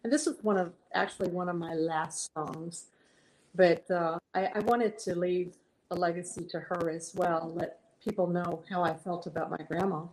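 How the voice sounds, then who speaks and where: A woman's voice: on the low side, fairly even intonation, normal speed, darkish tone, a little hiss or hum, poor audio. Earnest woman telling heartfelt stories. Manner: earnest, heartfelt storytelling with restarts. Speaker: guest singer-songwriter. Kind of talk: casual interview chat.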